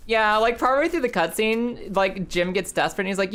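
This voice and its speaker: A young woman streaming a game, chatting in a rambling, animated and profane way. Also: mid-range voice, brisk. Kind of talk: casual live game stream chat.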